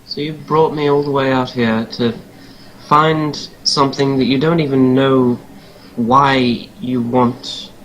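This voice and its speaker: A man playing a tabletop game over voice chat, asking quick questions in character. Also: mid-range voice, fairly even intonation, a bit bright, a little hiss or hum, rough recording. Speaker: player. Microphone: headset or desk mic on voice chat.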